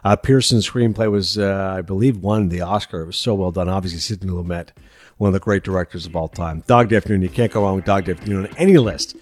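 A man's voice: low-pitched, quick pace, a little mellow, no echo. Upbeat male film podcast host. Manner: enthusiastic, laughs while talking.

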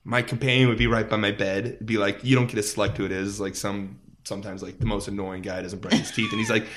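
Fairly low in pitch and quick, the speaker is a musician in his thirties chatting as an interview guest. His storytelling is animated, heavy on "like," and he slips into character for every quote.

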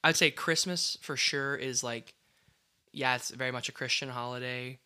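A man's voice: medium pitch, steady tone, moderate pace, bright, forceful tone, clear, resonant tone. A man co-hosting a casual podcast chat, rambling with lots of "like" fillers and frequent laughs. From United States. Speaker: podcast co-host.

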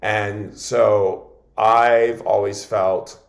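A man's voice: on the low side, flat delivery, drawn-out words, gravelly. A man who is a shaman guest on an interview show, telling a long story in an earnest, rambling way with many fillers.

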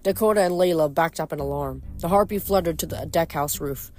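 A woman reading a novel aloud and adding rambling, expressive commentary between chapters. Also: low voice, fairly quick. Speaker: audiobook reader.

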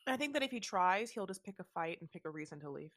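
A woman's voice: medium pitch, fast talker, no room sound, clean studio sound. A woman co-hosting a podcast, chatting casually about a reality show and acting out what people say. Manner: animated, swearing, acts out quotes. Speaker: podcast co-host. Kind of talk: casual recap chat.

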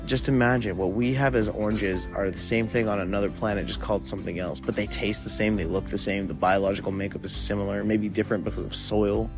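A young man hosting a solo podcast, rambling in a laid-back way with lots of filler words while high. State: high from smoking weed. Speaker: podcast host. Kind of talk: casual solo podcast monologue.

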